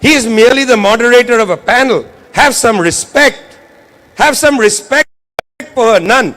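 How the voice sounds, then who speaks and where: A man's voice: very high voice, normal speed, sharp tone. A man giving a keynote political speech, impassioned and driving points home through repetition. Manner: impassioned, repetitive rhetorical emphasis. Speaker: keynote speaker. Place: event hall.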